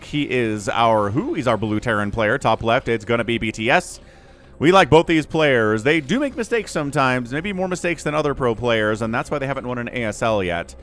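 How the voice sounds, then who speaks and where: A man's voice: medium pitch, lively intonation, normal speed, a bit bright. A man casting a strategy game match on his own, chatty and rambling, often correcting himself mid-sentence. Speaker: game caster. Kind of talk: solo esports commentary.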